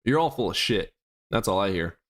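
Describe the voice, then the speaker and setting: A man's voice: fairly low pitch, expressive, brisk. A man hosting a live stream, chatting casually with viewers in crude, teasing banter full of swearing.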